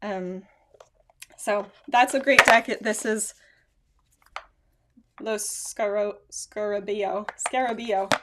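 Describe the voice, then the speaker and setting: A woman's voice: mid-range voice, takes it slowly, pauses often, heavy background noise. A woman talks casually into her phone camera at home. She rambles, stops to correct herself, and laughs a little as she goes. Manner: chatty, rambling, self-correcting with small laughs. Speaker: vlogger. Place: at home, indoors.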